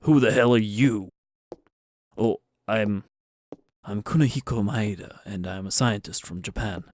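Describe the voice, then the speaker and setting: A man's voice: lowish voice, measured pace, darkish tone, no room sound. A man doing a stammering timid scientist. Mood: apologetic. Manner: stammering, hesitant. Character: timid middle-aged male Japanese scientist.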